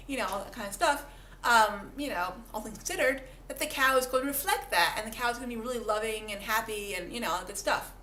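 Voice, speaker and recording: A woman's voice: a little high, fairly bright tone. A woman vlogger talking casually to camera, chatty and self-mocking, often repeating words as she goes. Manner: chatty, self-mocking, acts out little voices for animals. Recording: echoey room, faint background noise.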